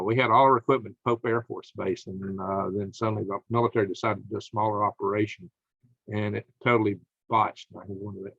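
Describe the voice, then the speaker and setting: On his own channel, a middle-aged man reads out the news and rails against it angrily, his indignation building into shouts. His voice is on the low side, with no echo in the room and the highs cut off.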